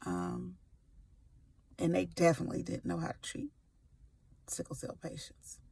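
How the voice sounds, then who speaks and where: Her voice sits on the low side, flat and a little slow, creaky and slightly mellow with a breathy edge. She is a Californian sickle cell advocate in her forties, filming a personal testimony to camera before work, candid and playful with slangy asides.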